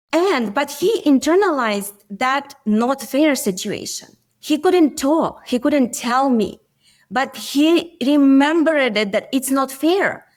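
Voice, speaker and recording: A middle-aged woman, a physician and coach, telling stories earnestly in a podcast interview. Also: sits high. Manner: earnest, storytelling, occasional grammar slips.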